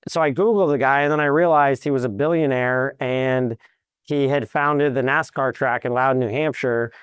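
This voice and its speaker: A man who works as a commercial real estate broker, a guest in an interview, telling lively anecdotes. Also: mid-range voice, moderate pace, smooth, dry recording. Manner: lively anecdotes, acts out quotes. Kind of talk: animated storytelling in an interview.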